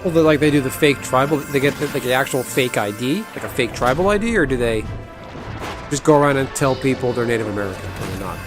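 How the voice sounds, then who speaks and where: A man's voice: mid-range voice, lively intonation, quick pace. Rambling, wry male streamer over music. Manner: rambling, wry, chatty asides to chat. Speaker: gaming streamer. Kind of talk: casual stream chat. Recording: music playing underneath.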